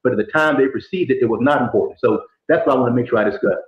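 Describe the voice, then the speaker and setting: Brief: very fast-talking man, lawyer guest, dull lo-fi sound with a roomy echo. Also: medium pitch. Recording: dull, roomy remote feed.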